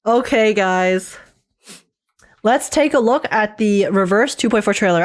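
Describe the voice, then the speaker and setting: A woman's voice: medium pitch, measured pace. A woman streaming live, chatting casually with her viewers, laughing often and restarting her phrases as she goes.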